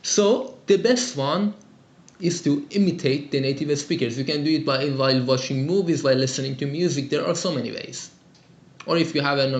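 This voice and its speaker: A man's voice: medium pitch, roomy sound. A man teaching an English lesson and answering students' calls in an upbeat, chatty way, with lots of fillers. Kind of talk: live lesson and call-in Q&A.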